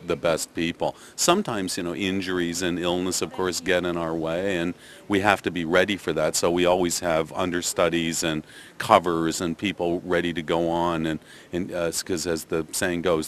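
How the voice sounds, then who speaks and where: A man's voice: sits low, flat delivery, normal speed. An older man with a Canadian accent, a theatre director answering interview questions thoughtfully, with many restarts and fillers. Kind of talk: press interview.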